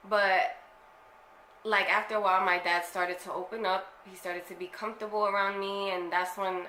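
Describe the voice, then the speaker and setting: A young woman with a bright, forceful voice tells a personal story straight to her viewers. She talks candidly in slang and swears freely. The room is echoey and there is a faint hiss. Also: mid-range voice. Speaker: vlogger. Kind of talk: casual storytelling to camera.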